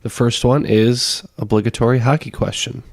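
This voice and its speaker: A man with a raspy, hoarse voice from being sick, reading out trivia questions as the quizmaster of a podcast. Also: medium pitch, fairly even intonation, normal speed, no echo.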